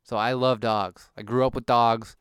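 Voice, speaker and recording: Ranting man with a crisp, dry voice. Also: mid-range voice, moderate pace, no echo. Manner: animated ranting, swearing, mock-outraged. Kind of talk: ranting monologue.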